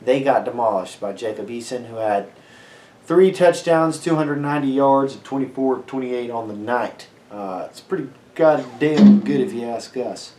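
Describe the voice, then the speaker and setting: A young man co-hosting a sports podcast, ranting loudly with plenty of swearing. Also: mid-range voice, moderate pace, roomy sound. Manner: brash, ranting, heavy swearing. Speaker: podcast co-host. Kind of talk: profane sports podcast banter.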